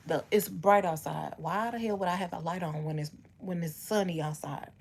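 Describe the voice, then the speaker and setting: A woman's voice: fairly low pitch, normal speed, vocal fry, darkish tone, husky. A woman in her bedroom telling a personal story to her live chat, ranting and cursing freely as she talks straight to viewers. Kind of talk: casual storytime livestream.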